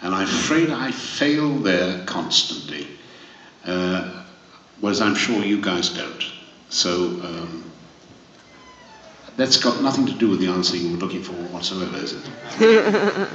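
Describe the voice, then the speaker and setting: A man's voice: sits low, sing-song, unhurried, fairly bright tone, dull audio, a little hiss or hum. An older man from Wales answering fan questions at a convention panel, genial, rambling and self-deprecating. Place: large convention hall. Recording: echoey hall, distant mic.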